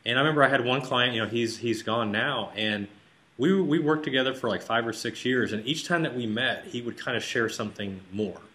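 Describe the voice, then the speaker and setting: A man hosting an interview over a call, relaxed and conversational. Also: mid-range voice, a little fast. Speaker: host.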